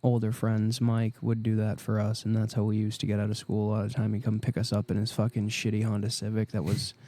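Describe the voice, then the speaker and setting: A man's voice: lowish voice, monotone, quick pace, warm tone. A man in his twenties co-hosting a podcast, telling school stories with swearing and laughs. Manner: laughing, profane anecdotes. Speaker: podcast co-host. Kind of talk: casual chat.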